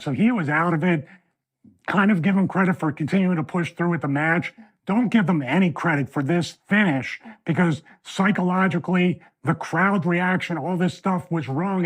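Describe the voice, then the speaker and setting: Man in a fired-up analytical rant. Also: fairly high pitch. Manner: animated, building into a fired-up rant. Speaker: host, professional wrestler analyzing matches. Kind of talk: video breakdown commentary. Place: home studio.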